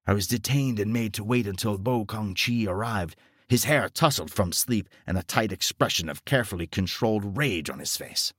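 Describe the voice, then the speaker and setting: A man reading a scripted horror story in a steady, grave storytelling manner. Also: on the low side, moderate pace, no room sound, studio quality. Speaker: narrator.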